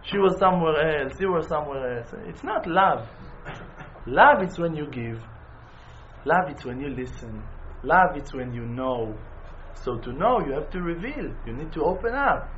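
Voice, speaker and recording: A man giving an informal spiritual lesson in an animated way, repeating phrases for emphasis and restarting words mid-phrase. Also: fairly high pitch, normal speed, highs cut off, a little hiss or hum. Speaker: religious teacher.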